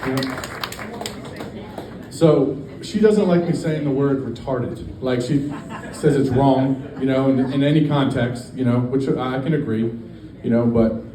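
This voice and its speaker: Male stand-up comic, deadpan rambler, mellow voice, roomy brewery sound with faint ambience. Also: mid-range voice, measured pace, a little hiss or hum. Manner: deadpan, rambling with many fillers. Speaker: stand-up comedian. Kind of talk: stand-up set. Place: brewery stage. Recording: echoey room, distant mic, faint ambience.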